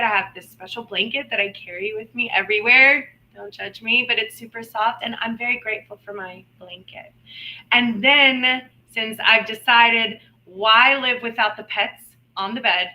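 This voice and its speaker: A woman chats her way through a live reading stream in a loose, rambling manner, sprinkling in playful asides. Her voice is bright and clear and sits a little high. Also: poor audio. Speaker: intuitive reader and host of a live stream. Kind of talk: casual live-stream talk. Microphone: live stream microphone.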